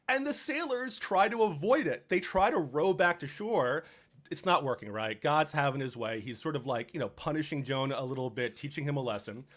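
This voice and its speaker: Animated young man retelling a story. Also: on the high side. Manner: animated, jokey, acts out characters in quick asides. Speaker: podcast co-host.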